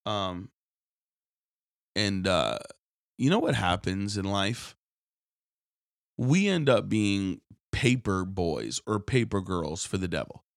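Low-voiced man preaching with lively mimicry. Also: slow pace, vocal fry, long pauses, no room sound, studio quality. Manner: animated storytelling, mimics others in a high whiny voice. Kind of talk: radio sermon.

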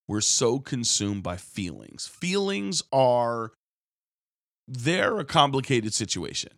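Low-voiced man preaching with lively mimicry. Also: dry recording, clean studio sound. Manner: animated storytelling, mimics others in a high whiny voice. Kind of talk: radio sermon.

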